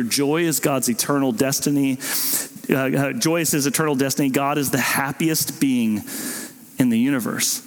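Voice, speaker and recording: Man, pastor, sermon, animated storytelling, slightly high voice, echoing hall. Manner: animated, playful voices for babies and parents. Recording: long hall reverb.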